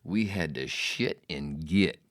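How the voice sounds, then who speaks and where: A man's voice: extremely low pitch, animated, takes it slowly, fairly bright tone. A man hosting his own podcast, telling a rambling, profane, jokey story in a casual monologue. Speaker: podcast host.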